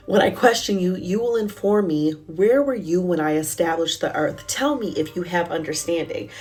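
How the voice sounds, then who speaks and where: A woman's voice: lowish voice, measured pace. A woman giving a candid, emotional spoken devotional, telling her own story in a casual, conversational way. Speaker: Christian speaker.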